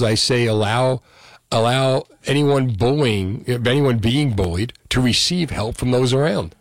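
A man's voice: medium pitch, dry recording, studio quality. A male radio talk show host, delivering an indignant call-in monologue full of rhetorical questions.

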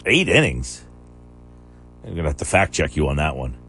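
A man's voice: rumbling low, big pitch swings, bright, forceful tone, soft background music. A man hosting a sports radio show, chatting casually and challenging his co-host's claims. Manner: argumentative, quick to challenge.

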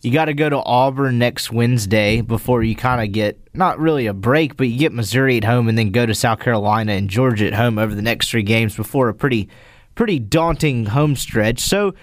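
Sports radio analyst guy, steady and analytical, dry close mic. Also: mid-range voice, no echo. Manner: measured and analytical. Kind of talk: sports commentary.

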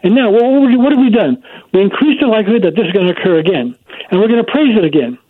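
A man's voice: sits high, animated, very fast, breathy edge, dry recording. A man speaking as a child psychology expert guest, explaining his points emphatically in an interview. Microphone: phone. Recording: dry tinny phone line.

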